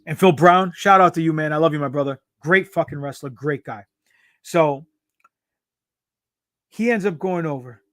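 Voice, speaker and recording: Profane, animated wrestler with a high voice. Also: male voice, moderate pace, long pauses, no echo, clean studio sound. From United States. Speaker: professional wrestler guest. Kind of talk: casual storytelling interview.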